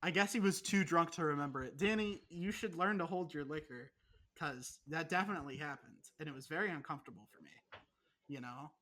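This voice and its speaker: Brief: young woman podcast co-host, foul-mouthed sarcastic banter, bright tone. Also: low voice, brisk. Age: young adult. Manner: profane, sarcastic teasing. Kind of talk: casual chat.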